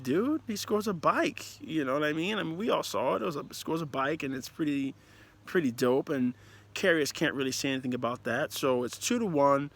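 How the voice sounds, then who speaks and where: A man giving a casual, emphatic and rambling review of a football match, talking as a player and manager. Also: medium pitch. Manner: animated, emphatic, rambling with restarts. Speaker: football commentator.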